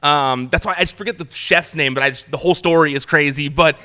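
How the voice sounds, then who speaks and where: A man, a guest in an interview, telling a story in an animated, casual way, laughing often and saying "like" a lot. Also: fairly high pitch, fast talker, clean tone. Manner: animated, laughs often while telling stories, peppers talk with "like". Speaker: interview guest, news reporter. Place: talk show studio set.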